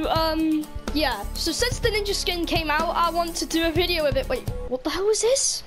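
Woman gamer, high-pitched, excitable live commentary, teasing the other players. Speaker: gaming video creator.

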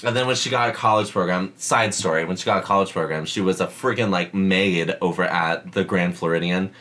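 A man's voice: sits low, fairly quick, sharp tone. A young man co-hosting a casual podcast chat, blunt, sassy and profane in his storytelling. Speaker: podcast co-host.

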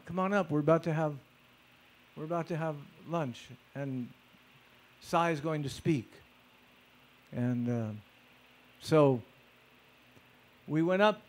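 A man telling personal stories in a lecture, conversational and animated, acting out footsteps with vocal sounds. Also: fairly high pitch. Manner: conversational, with fillers and repeated starts. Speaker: speaker recounting personal stories. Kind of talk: storytelling lecture.

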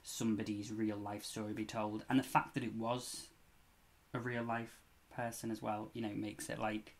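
A young man hosting a reaction video, talking in an excited, chatty, gushing way. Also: fairly low pitch, normal speed, vocal fry. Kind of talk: casual reaction commentary.

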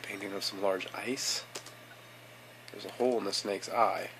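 A man's voice: fairly low pitch, steady tone, measured pace, noisy background. A young man from Kentucky with a Kentucky accent, giving profane, sarcastic commentary while playing a game, moving between mutters and outbursts. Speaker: let's play host. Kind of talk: gaming commentary.

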